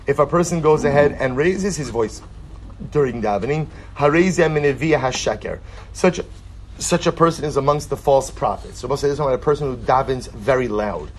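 A man's voice: medium pitch, moderate pace, slight background noise. A man teaching a text study lesson. He reads passages aloud, explains them line by line, and asks rhetorical questions. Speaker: Talmud teacher.

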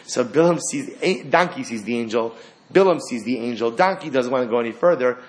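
A man teaching a Torah class, animated, asking rhetorical questions and acting out the lines of the story. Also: medium pitch, fairly quick.

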